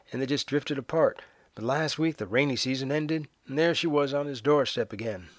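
A man's voice: medium pitch, no echo. A man reading a novel aloud as a narrator, wry and lightly voicing each character. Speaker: audiobook narrator. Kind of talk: scripted narration with character voices.

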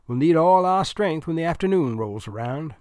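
A man voicing a self-important male tournament director who speaks in a thick New England accent, brisk and commanding. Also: on the high side, lively intonation, darkish tone, dry recording, clean studio sound, voice pushed up, natural voice. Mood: brisk, pleased.

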